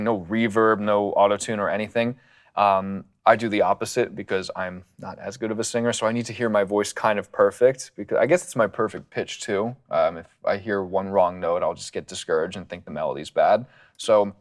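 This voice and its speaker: With a fairly low-pitched voice, this man loosely talks through his production process in the studio, meandering and full of fillers, captured on a condenser mic.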